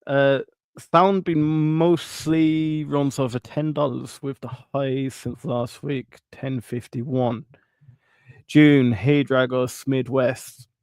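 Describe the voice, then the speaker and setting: A man's voice: medium pitch, steady tone, takes it slowly, a little mellow, clear, resonant tone, dry recording. A man hosting a casual livestream, upbeat and jokey, greeting viewers by name and reading their comments. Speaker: livestream host reading chat.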